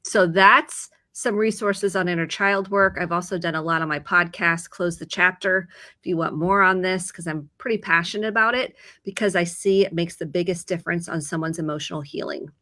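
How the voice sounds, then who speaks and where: A woman's voice: fairly low pitch, a little fast, pushed and bright, dry recording. A woman therapist with a Midwestern American accent, explaining mental health in an earnest, casual chat full of examples.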